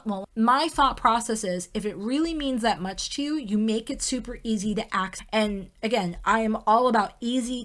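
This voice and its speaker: A woman in her thirties hosting a podcast, talking candidly and emotionally in a rambling personal monologue, swearing freely. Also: on the high side. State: close to tears. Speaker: podcast host.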